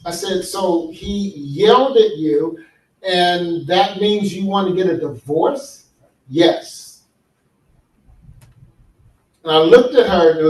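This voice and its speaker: This is a man with a high, slightly mellow voice presenting a conference talk about men's healing. Earnest in tone, he recounts stories and questions the listeners. The large hall with its audience makes the recording echoey, and he is far from the microphone.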